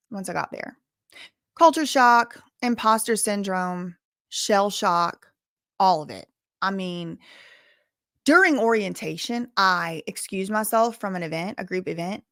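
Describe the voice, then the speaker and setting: A woman YouTuber from bayou country talks to camera in her thirties, with a faint Southern accent. She is candid and emphatic and repeats words to drive a point home. Her voice sits at a middle pitch, recorded close and dry with no room echo. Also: a bit bright. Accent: Southern US, softened. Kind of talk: casual storytelling to camera.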